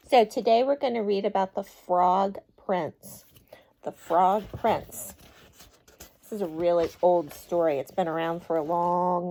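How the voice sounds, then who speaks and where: Woman storyteller for kids, unhurried and lively, with a slightly gravelly voice. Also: mid-range voice. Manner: slow, gentle and expressive, chatting with young listeners. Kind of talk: reading a picture book aloud to children.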